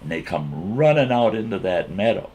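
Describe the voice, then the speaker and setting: A man telling a folksy campfire story in an animated way, repeating himself as he builds the scene. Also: fairly low pitch, breathy edge, dull audio. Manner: drawn-out, repetitive, animated retelling.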